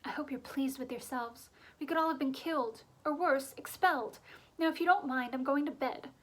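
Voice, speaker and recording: Brief: woman doing a sharp-tongued clever girl, high-pitched and scolding. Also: moderate pace. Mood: snappish. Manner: snappish, lecturing. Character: bossy, clever schoolgirl.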